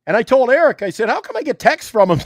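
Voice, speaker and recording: Animated high-voiced man chatting. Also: fast, no echo. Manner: animated and laughing easily. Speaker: sports talk show co-host. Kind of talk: casual banter.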